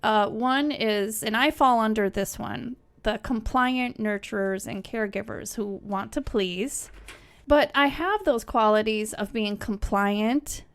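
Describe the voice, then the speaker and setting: A woman's voice: a little high, a little slow, smooth. Chatty woman podcast co-host. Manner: chatty, laughs easily, tells stories. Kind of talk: casual conversation.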